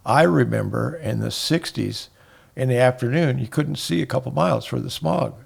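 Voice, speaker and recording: Gravelly, husky older man rambling. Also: mid-range voice, moderate pace. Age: 70s. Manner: rambling storyteller, many restarts. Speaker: guest. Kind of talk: casual chat.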